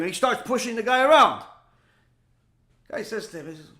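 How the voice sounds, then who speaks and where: A man giving a Torah lecture as a rabbi, telling stories in an animated way and acting out the dialogue. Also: very high voice, moderate pace, long pauses. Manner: animated storytelling, acts out dialogue.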